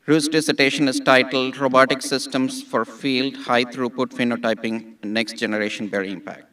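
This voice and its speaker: A man, an associate dean, reading out graduate names at an outdoor ceremony in a measured way, with small restarts. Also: mid-range voice, level tone, sharp tone, recorded from a distance.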